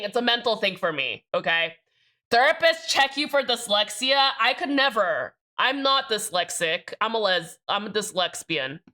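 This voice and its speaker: Loud, bright-voiced excitable young woman. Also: on the high side. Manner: excitable, loud and rambling, jokey. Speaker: live streamer. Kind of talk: casual live-stream chat.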